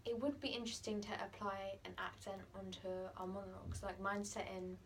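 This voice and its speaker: A woman's voice: mid-range voice, steady tone, fairly quick, recorded from a distance, slight background noise, low-quality recording. Casual young woman in a class discussion. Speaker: drama student.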